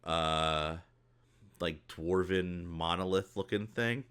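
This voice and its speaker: Brief: unhurried male game master narrating a tabletop game casually. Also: deep voice, fairly bright tone, clean tone. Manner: loose, conversational, many fillers.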